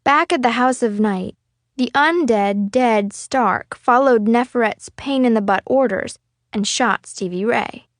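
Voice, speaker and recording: Woman reading a novel aloud, casual and expressive. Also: fairly high pitch, a little slow, no echo, clean studio sound. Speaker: audiobook reader. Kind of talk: first-person novel narration.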